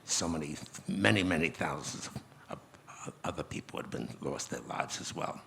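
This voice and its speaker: A very old man speaks from a conference stage, his deep voice roughened by gravel. He tells his story unhurriedly, with gentle, wry humor. The tone stays crisp and forward. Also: a little fast, a little hiss or hum. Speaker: guest speaker. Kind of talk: onstage interview storytelling.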